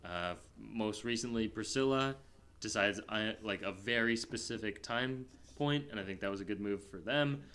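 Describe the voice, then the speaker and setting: A man co-hosting a film podcast, talking in a rambling, casual way with many fillers and sudden animated bursts. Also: lowish voice, moderate pace, clear, resonant tone. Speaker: podcast co-host. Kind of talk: casual film review chat.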